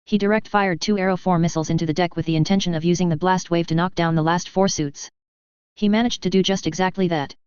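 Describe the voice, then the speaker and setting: A man's voice: sits high, smooth, dry recording, lightly acted. A narrator voicing a brash, sardonic male mercenary commander in a spoken fan story, with a dull, lo-fi sound. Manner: cocky and sardonic. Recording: dull lo-fi dry audio.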